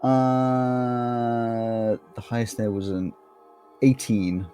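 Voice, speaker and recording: A man narrating as game master, easygoing and relaxed, with plenty of fillers. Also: medium pitch, drawn-out words, faint music behind.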